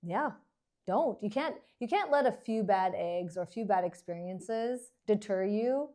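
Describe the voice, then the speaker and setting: A woman's voice: mid-range voice, animated, a little slow, mellow. A woman co-hosting a casual podcast, enthusiastic and playfully teasing. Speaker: podcast co-host.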